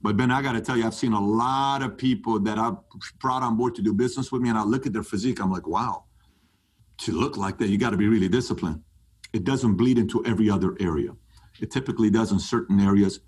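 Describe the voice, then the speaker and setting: A man talking as a podcast guest, emphatic and animated, pitch climbing when he gets fired up. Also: fast talker. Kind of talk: animated interview talk.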